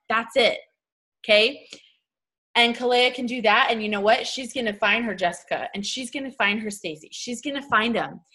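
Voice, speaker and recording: A woman's voice: fairly high pitch, sharp tone, breathy edge. A woman giving a casual, blunt motivational talk to her sales team, chatty and full of slang, acting out little scenes in quoted voices. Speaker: network marketing team leader.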